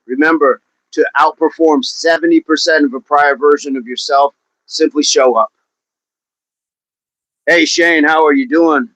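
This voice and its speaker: A man's voice: on the high side, fairly even intonation, a little slow, fairly bright tone, no room sound. A man coaching fitness on a livestream, talking with viewers in an upbeat, encouraging way and often repeating his phrases. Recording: dull, dry livestream audio.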